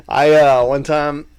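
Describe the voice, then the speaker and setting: Animated young man telling stories. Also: smooth. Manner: animated storyteller, acts out quotes with pitch jumps. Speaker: podcast co-host. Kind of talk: casual chat.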